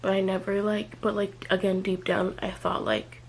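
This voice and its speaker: A young woman in a personal vlog, talking haltingly and filling her speech with "like" and trailing pauses. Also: medium pitch, level tone, husky, rough recording. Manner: hesitant, filler-heavy, many "like"s and trailing off. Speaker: vlogger.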